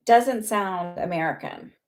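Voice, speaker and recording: A woman talks through a live psychic reading in a loose, chatty way, stopping and restarting her thoughts. Her voice sits at a middle pitch, and she laughs often as she goes. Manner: chatty, halting, lots of fillers and laughs. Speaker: psychic medium.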